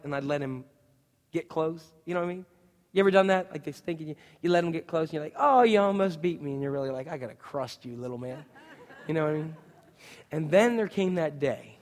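Animated high-voiced male preacher. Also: big-room sound. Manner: animated, jokey, asks the congregation questions. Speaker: pastor. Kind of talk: sermon.

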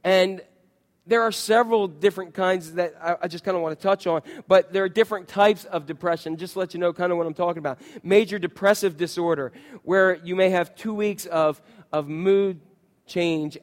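High-voiced conversational male pastor. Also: fairly even intonation, brisk, long reverb tail. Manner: conversational, storytelling with voiced quotes. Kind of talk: sermon. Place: church.

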